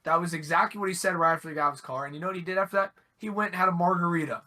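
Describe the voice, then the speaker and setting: Young man, podcast co-host, blunt, swears, bright forceful voice, slightly high. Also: rapid-fire. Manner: blunt, animated, swears freely. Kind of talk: casual chat.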